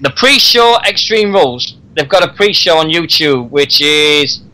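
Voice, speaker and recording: Brief: male radio host, bright, slightly high voice, chatty, calls people mate. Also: expressive, measured pace, rough recording. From Britain. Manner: chatty, laughs often, says "mate". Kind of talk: casual wrestling chat.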